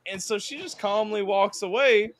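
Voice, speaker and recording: A man's voice: sits high, moderate pace, a little hiss or hum. A young man hosting a stream, telling a crude story in casual chat, acting out sounds and voices. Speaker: streamer host.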